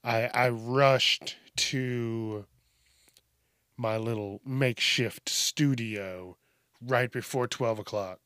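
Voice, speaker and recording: A man's voice: mid-range voice, steady tone, a bit bright. A man in his thirties hosting a solo podcast from a small home studio, rambling and swearing, with lots of fillers and restarts. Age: 30s. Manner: rambling, profane, halting with many fillers. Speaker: podcast host. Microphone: studio microphone.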